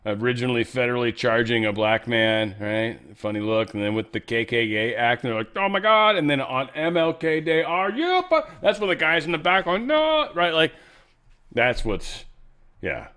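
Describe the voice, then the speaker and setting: A man's voice: mid-range voice, moderate pace, fairly bright tone, clean tone. A man hosting an online commentary show, rambling and joking as he reacts to news clips, trailing off and laughing at himself. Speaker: show host.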